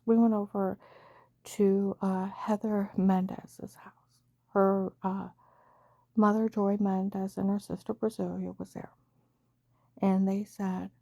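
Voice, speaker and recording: Speaking slowly in a medium-pitched, creaky, mellow voice with a flat delivery and long pauses, a middle-aged woman recounts a frightening family story as personal testimony. The retelling is emotional and breathless, with frequent quoted dialogue acting out those involved. No echo is present.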